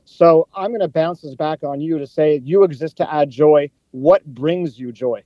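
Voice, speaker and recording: A man's voice: on the high side, moderate pace, no room sound. A man from Canada joining a talk show to ask the guest an earnest, polite question. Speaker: audience member with a question. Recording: dull, lo-fi sound.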